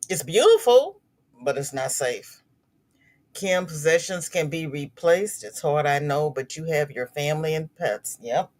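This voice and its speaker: A middle-aged woman with a fairly low, slightly bright voice hosts a crochet livestream, chatting casually with viewers and reading their comments. She's sympathetic and tends to repeat words.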